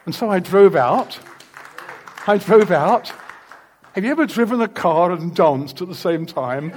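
An older man telling a story in a sermon, shifting between quiet asides and loud, laughing outbursts. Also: high voice, lively intonation, unhurried, a faint crowd, a little hiss or hum. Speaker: preacher.

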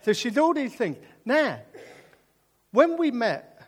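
A British man preaching with a high, bouncing voice that swoops up and down as he jokes. His sermon mixes comic storytelling with earnest appeals. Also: slow pace. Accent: British English. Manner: animated and jokey, drifting into earnest preaching.

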